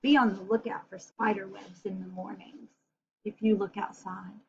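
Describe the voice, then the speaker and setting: A woman reading a picture book aloud to children, pausing for gentle, chatty asides to her young listeners. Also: mid-range voice, little pitch movement, creaky, lo-fi sound, a little hiss or hum. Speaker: children's storyteller.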